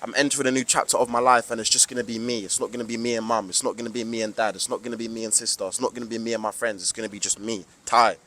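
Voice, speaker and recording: A man's voice: medium pitch, fairly even intonation, rapid-fire, hardly any pauses, fairly bright tone, a little hiss or hum. A young man from the UK with a British accent, giving an emphatic, preachy motivational monologue to camera with lots of slang. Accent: British English. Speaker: vlogger.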